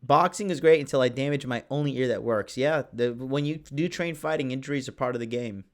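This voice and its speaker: A man hosting a live podcast, talking in a brash, profane and excitable way as he reads chat comments. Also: mid-range voice, brisk. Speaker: podcast host. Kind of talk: casual live-stream talk.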